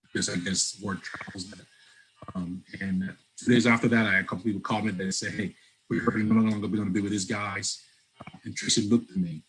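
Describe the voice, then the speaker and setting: Telling a personal story during an interview, this man is an animated storyteller who voices the people in it. His lowish voice moves briskly. The low-quality recording has a little hiss or hum, and the connection occasionally breaks up.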